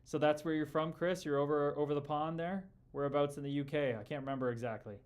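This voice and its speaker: A man's voice: on the high side, steady tone, fast talker. A man hosting a livestream in a casual, chummy way, reading viewer comments aloud and calling people brother and dude. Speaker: livestream host and former hockey player.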